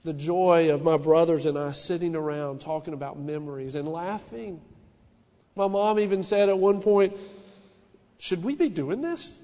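A middle-aged pastor with a fairly high voice preaches earnestly, stumbling into restarts and lifting his emphasis as he presses a point. His words ring out with a long reverb, as in a large church hall. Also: fairly even intonation, moderate pace, warm tone. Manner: earnest, personal, with frequent restarts and rising emphasis. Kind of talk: sermon.

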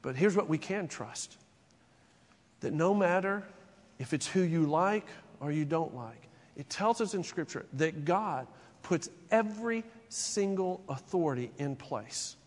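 Pastor preaching in a hall. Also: male voice, on the high side, animated, measured pace. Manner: conversational preaching, rhetorical questions, acts out imagined dialogue. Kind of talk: sermon. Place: church sanctuary.

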